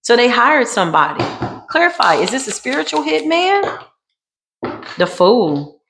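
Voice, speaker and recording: A woman giving a dramatic tarot card reading in a sassy way, dropping to a hush and then rising to emphatic bursts. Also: fairly high pitch, big pitch swings, measured pace, creaky, a little hiss or hum. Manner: sassy, dramatic, swings between hushed and emphatic. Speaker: tarot reader.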